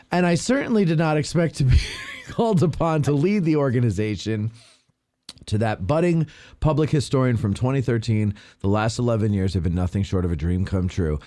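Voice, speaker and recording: A man's voice: mid-range voice, normal speed, no echo. A man hosting a casual podcast, reading local news aloud with playful asides and jokes. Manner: jokey, animated, reads aloud with playful asides. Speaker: podcast host.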